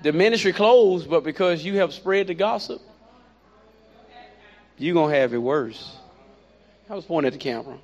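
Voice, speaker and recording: A man preaching a sermon, animated and repetitive, with playful asides. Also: fairly high pitch, moderate pace, long pauses. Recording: dull lo-fi recording.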